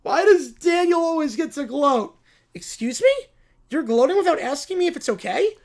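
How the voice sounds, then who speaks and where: A woman's voice: expressive, moderate pace. A synthetic voice doing a whiny spoiled little girl. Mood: outraged. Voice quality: high, whining and petulant. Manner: sulky complaining, outbursts of shouting.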